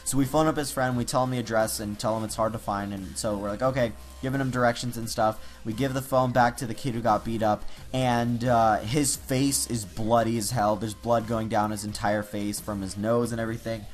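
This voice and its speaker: A man's voice: mid-range voice, fairly even intonation, brisk, hardly any pauses, faint music behind. A teenage man telling a personal story in a casual, rambling way, full of fillers and restarts. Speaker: YouTuber.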